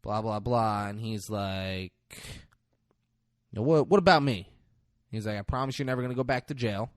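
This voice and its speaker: A man, co-hosting a casual podcast, retelling a film scene by scene and acting out the lines in loud bursts. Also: on the low side, fairly even intonation, normal speed, clear, resonant tone, no echo. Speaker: podcast co-host recapping a film. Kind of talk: casual chat.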